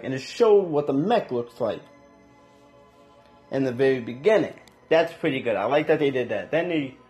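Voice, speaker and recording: Casual male reviewer, higher-pitched, slangy and excitable, light music bed. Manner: loose slangy talk, frequent restarts, animated. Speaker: anime reviewer.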